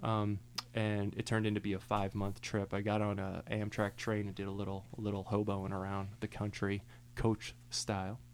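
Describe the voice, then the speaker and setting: A man's voice: lowish voice, monotone, moderate pace, hardly any pauses, a little hiss or hum. A young man playing music live on the radio, chatting loosely and joking between songs and often laughing. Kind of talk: casual on-air chat between songs.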